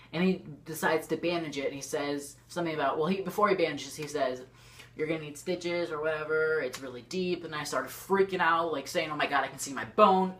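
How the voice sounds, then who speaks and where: A teenage girl telling a storytime vlog to her camera. She rambles excitedly and fills her talk with lots of "like". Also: low voice, slight background noise. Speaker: YouTuber. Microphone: camera facing the speaker.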